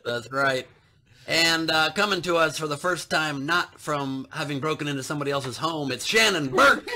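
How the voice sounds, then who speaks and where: A man's voice: on the high side, normal speed, bright, forceful tone. A man hosting a comedy show over a video call, teasing and introducing guests with jokes. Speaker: podcast host. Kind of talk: casual comedic banter.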